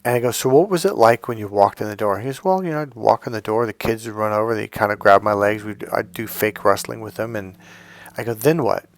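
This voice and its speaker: A man's voice: fairly low pitch, a little fast. Blunt, profane middle-aged man. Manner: blunt, profane, emphatic, tells anecdotes with quoted voices. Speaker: dating coach. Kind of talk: casual monologue.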